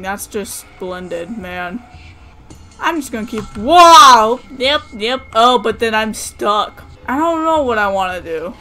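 A gaming channel host giving let's-play commentary, jumpy and excitable, breaking into sudden yelps and nervous chatter while playing. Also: mid-range voice.

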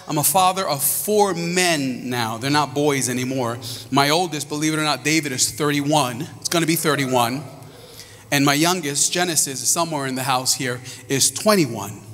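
A man in his fifties, a pastor preaching a sermon to his congregation with lively storytelling. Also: high voice. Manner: animated preaching with storytelling asides. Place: church sanctuary. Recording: reverberant church hall.

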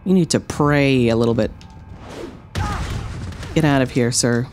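A woman streaming a wrestling game, trash-talking with playful sarcasm, dropping low for tough lines and yelping high when surprised. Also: a little slow, a little mellow, slight background noise. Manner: swings between low mock-tough lines and high yelps. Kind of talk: live gameplay commentary.

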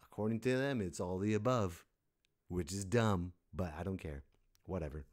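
A man's voice: low voice, normal speed. A man hosting a comedy podcast, delivering a sarcastic, exasperated rant and laughing at his own jokes. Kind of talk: stand-up style comic rant.

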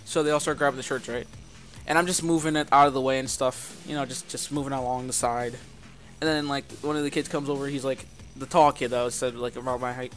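A man's voice: medium pitch, steady tone, fast talker, a bit bright, soft background music. A young man casually telling a story about his job, rambling and filling with "like". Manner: rambling, heavy use of filler "like". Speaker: vlogger.

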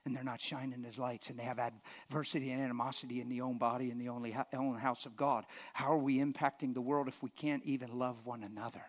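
A man preaching a live sermon in a church, emphatic, often dropping to a hushed whisper. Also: medium pitch, little pitch movement, fast talker, few pauses. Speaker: pastor.

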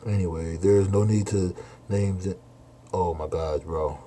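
Deep slangy man reacting, says bro a lot. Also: fairly even intonation, measured pace, mellow, a little hiss or hum. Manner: slangy, swears a lot, keeps saying bro; blunt and exasperated. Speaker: manga reaction streamer. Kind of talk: casual live reaction, reading aloud.

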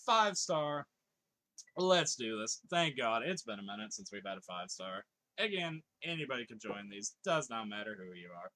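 A man's voice: on the low side, big pitch swings, normal speed, pushed and bright. A man in his thirties streaming live, chatting casually, reading viewers' comments aloud and laughing often.

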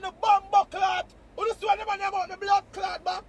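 A man with a Jamaican accent live-streaming a heated, taunting rant, loud and profane, often breaking into shouts. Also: very high voice, little pitch movement, fairly quick, a little hiss or hum.

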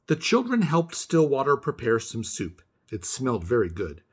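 A man's voice: mid-range voice, huge pitch swings, moderate pace, breathy edge. A man reading a picture book aloud for a kindergarten class, expressively, pointing out the pictures. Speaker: storybook reader for kindergarten. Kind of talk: children's read-aloud narration.

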